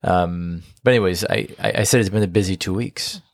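A man's voice: low-pitched, brisk, no room sound. A man co-hosting a marriage podcast with his wife, talking in a chatty, rambling way with fillers and restarts. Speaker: podcast co-host. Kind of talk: casual chat. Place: indoors near the beach.

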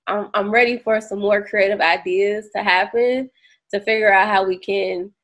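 A woman co-hosting a podcast, chatting loosely and thinking out loud with many fillers. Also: medium pitch, fairly even intonation, normal speed. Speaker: podcast co-host. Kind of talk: casual podcast chat.

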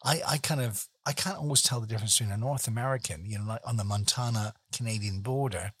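A man's voice: on the low side, quick pace, breathy edge, dry recording. A man hosting a conversational interview, chatty and full of leading questions.

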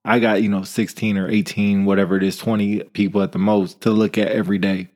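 A man speaks reflectively in a casual conversation, now and then hunting for the right word. His voice sits a little low. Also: flat delivery, quick pace, a little mellow. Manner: reflective, searches for words. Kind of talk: casual podcast chat.

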